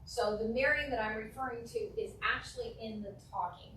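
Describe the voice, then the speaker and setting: A woman's voice: on the high side, brisk. Woman lecturing in an echoey classroom. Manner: lively, acts out phone calls and client replies. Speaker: real estate negotiation trainer. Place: classroom with an audience. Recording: echoey room from a distance, faint noise.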